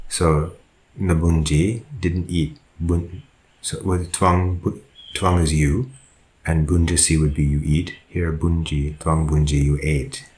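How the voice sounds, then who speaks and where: A man's voice: extremely low pitch, reverberant. A man, a monk, teaching a language lesson, who goes through example sentences patiently and often corrects himself. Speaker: Buddhist monk teaching Pali.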